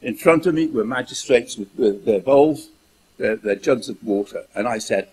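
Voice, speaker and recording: A man's voice: medium pitch, fairly quick, a little mellow, slightly rough, low-quality recording. A man from the United Kingdom talking in an emphatic monologue, repeating phrases and acting out the dialogue of his story. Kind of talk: monologue telling a personal story.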